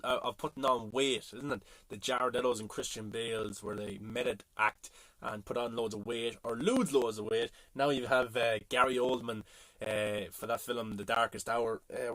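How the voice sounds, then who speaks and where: A man's voice: medium pitch, fairly bright tone, no echo. An Irish man hosting a late-night livestream, chatting casually and rambling while he reads out viewer comments. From Ireland. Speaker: livestream host. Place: home at night. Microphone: phone.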